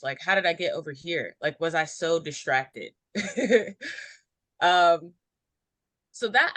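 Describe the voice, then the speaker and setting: A woman giving an intuitive numerology reading in a casual group chat, meandering and filling pauses with ums. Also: on the low side, a bit bright, no echo. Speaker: numerology reader.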